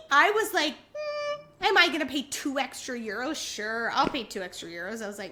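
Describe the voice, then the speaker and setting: Young woman telling a story on a podcast, high bright voice, does voices for everyone. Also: moderate pace, slight background noise. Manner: animated, acts out voices with big pitch jumps. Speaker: podcast co-host. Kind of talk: casual storytelling chat.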